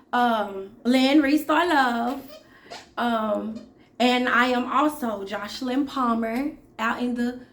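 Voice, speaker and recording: A woman in her thirties vlogging straight to her viewers. Her voice sits a little high, and she takes her time, leaving unhurried pauses and fillers between her phrases. She sounds chatty and direct, as if talking to friends. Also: fairly bright tone. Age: 30s. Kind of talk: casual talk to camera.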